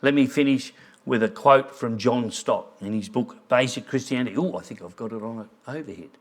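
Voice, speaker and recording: A man's voice: medium pitch, fairly quick. A man preaching a sermon in a church, earnest, reading quotes aloud. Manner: earnest, reads quotes aloud, briefly moved. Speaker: pastor.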